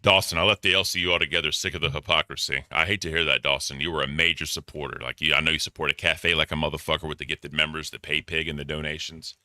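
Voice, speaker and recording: A man's voice: a bass voice, steady tone, fast, few pauses, pushed and bright, no echo, studio quality. A man doing casual reaction commentary, blunt and profane, reading donor messages aloud. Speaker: commentary streamer.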